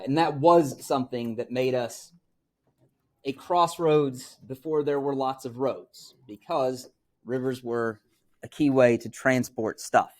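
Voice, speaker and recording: A middle-aged man from Missouri teaches a class in an easy, conversational way. His voice sits at an ordinary middle pitch, and he keeps checking in with his students by asking "right?". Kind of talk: classroom lecture.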